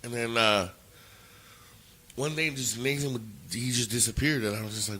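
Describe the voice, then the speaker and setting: Man, bright forceful voice, profane, blunt storyteller, casual podcast chat. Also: mid-range voice, steady tone, moderate pace. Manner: profane, blunt, quotes people in his stories. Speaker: podcast co-host.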